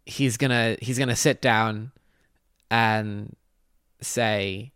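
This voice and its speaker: Slow, halting man playing a tabletop game. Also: on the low side, steady tone, fairly bright tone, clear, resonant tone, no room sound, clean studio sound. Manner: hesitant, halting, with many fillers. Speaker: player.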